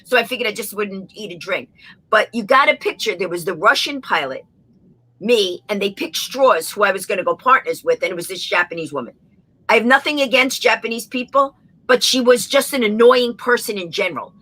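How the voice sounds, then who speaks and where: Husky-voiced New York woman, brisk storyteller guest, dry close sound. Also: medium pitch, lively intonation, sharp tone, no room sound, poor audio. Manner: rapid, acts out every voice in her stories. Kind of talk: animated anecdotal storytelling.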